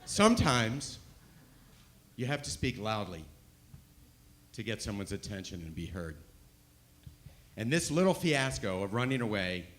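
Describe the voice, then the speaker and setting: A man telling a stand-up story, animated and swinging between loud bursts and hushed asides. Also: lowish voice, unhurried, pauses often. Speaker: stand-up comedian.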